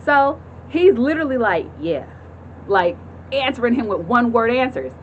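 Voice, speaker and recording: A woman in her thirties casually telling a story to her viewers, animated and chatty, acting out voices and often laughing. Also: a little high, normal speed, muffled recording, a little hiss or hum. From California. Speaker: vlogger telling a personal story. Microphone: phone camera.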